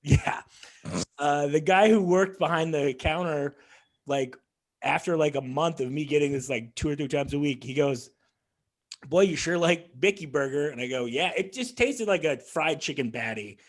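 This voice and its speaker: A male comedian guest in casual podcast chat, telling an animated story and acting out the people in it. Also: a little high, normal speed. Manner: animated storyteller who acts out the people in his stories.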